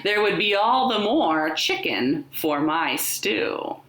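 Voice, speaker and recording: A woman voicing a greedy, scheming male wolf in a picture book, in a sly, sing-song, drawn-out way. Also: medium pitch, lively intonation, fairly bright tone. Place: home living room. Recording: echoey room.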